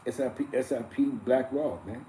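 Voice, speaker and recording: A man's voice: mid-range voice, moderate pace, mellow, a little hiss or hum. A middle-aged man hosting a live stream, telling stories in blunt, profane casual street talk and chuckling as he goes. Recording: roomy echo.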